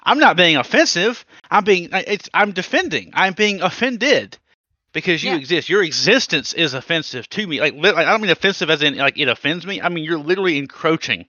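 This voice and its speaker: A man co-hosting a podcast in casual chat, animated and swearing, with many restarts. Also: a little high, brisk, no room sound, lo-fi sound. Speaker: podcast co-host.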